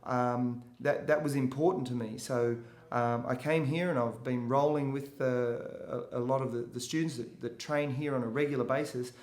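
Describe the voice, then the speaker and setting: A man's voice: medium pitch, fairly even intonation, moderate pace, few pauses, darkish tone. A man, giving a casual testimonial interview, with frequent hesitations and restarts. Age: 40s. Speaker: jiu-jitsu student giving a testimonial. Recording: echoey room.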